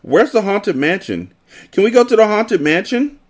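A man voicing an excitable young girl who squeals and shrieks when she is frightened. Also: mid-range voice, moderate pace, breathy edge. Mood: eager.

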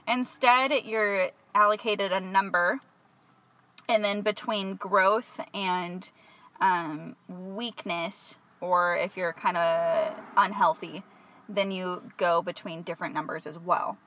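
A woman from California with a Californian accent, hosting a casual podcast chat and explaining things in a relaxed, rambling way with fillers. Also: lowish voice, slow. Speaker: podcast host.

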